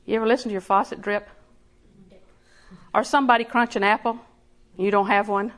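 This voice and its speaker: A woman's voice: mid-range voice, fairly even intonation, brisk, fairly bright tone. A woman preaching a sermon in a conversational way, laughing often and building emphasis.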